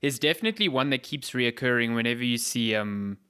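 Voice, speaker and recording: A man hosting a podcast in casual chat, animated and sweary, drifting into quiet asides. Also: mid-range voice, fairly quick, clear, resonant tone. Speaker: podcast host.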